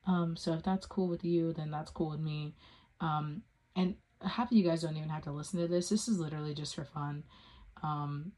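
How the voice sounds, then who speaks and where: Rambling young woman, slightly low voice. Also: fairly even intonation, moderate pace, dark tone. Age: young adult. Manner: rambling, full of "like" and "um", swears freely. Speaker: podcast host. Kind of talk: casual solo podcast rant. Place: at home.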